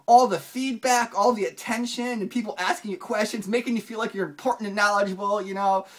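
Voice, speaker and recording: Rambling finance channel host. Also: fairly quick. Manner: rambling, with many restarts and fillers; animated, pitch jumps up for emphasis. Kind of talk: casual video commentary.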